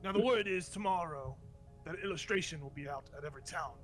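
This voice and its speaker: Bossy beefy guard with a mustache, a man puts him on: brusque, cursing, bright-toned. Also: on the high side, fast, faint music behind, lightly acted. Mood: brusque orders. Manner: brusque, swears casually.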